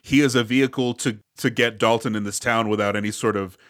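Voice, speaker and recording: A man's voice: on the low side, steady tone, brisk, a bit bright. A man co-hosting a podcast, chatting about a film in a jokey, incredulous way with stumbling restarts. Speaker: podcast co-host. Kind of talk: casual chat about a film.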